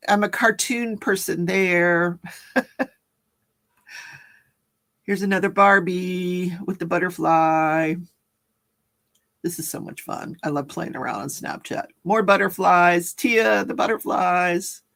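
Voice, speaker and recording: A woman's voice: lowish voice, takes it slowly, vocal fry, long pauses, fairly bright tone. A chatty, giggly woman hosting a casual livestream, reading out viewer comments and reacting to them. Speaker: livestream host. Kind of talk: casual live-stream chat.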